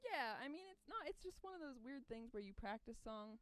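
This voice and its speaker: A woman's voice: high-pitched, expressive, fairly quick, a bit bright, no echo. A woman co-hosting a live music stream, chatting casually. She agrees readily and laughs easily. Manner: agreeable, laughs easily, short backchannel replies. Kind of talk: casual chat.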